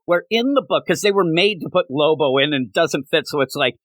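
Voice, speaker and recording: Animated man chatting about comics. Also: a little high, no room sound. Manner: animated, acts out characters in quick bits, laughs often. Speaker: comic book reviewer, co-host. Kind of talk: casual podcast chat.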